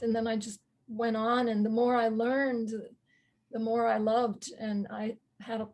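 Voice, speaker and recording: Woman interview guest, slightly high voice, reflective, laughs softly, lots of ums. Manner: thoughtful, with soft laughs and many ums. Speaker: guest astrologer.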